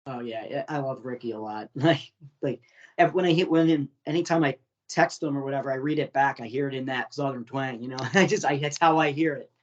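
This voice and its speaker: A man's voice: mid-range voice, fairly quick, muffled recording. A man hosting a podcast in casual chat, laughing often and swearing freely with many fillers. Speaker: podcast host.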